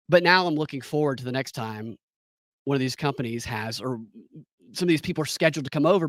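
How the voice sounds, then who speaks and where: A man's voice: medium pitch, fairly bright tone, no echo. A man hosting his own podcast, telling a comic story in a sarcastic, mocking manner from his home studio. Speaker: podcast host. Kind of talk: comedic storytelling monologue.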